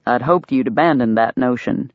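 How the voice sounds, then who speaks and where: A gruff, stern young frontier man with a clipped, unbending way of speaking, as a woman reads him in an audiobook. The sound is dry and a little dull, like a lo-fi storybook recording. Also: very deep voice, moderate pace, no room sound, pitched below the performer's own voice. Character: stern, gruff young male livery owner.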